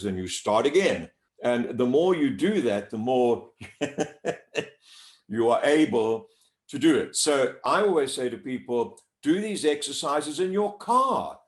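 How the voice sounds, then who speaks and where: Animated man coaching voice warm-ups. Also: medium pitch, a little slow. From South Africa. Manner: animated, demonstrative. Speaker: voice-over coach. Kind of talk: explanatory interview talk. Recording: echoey room.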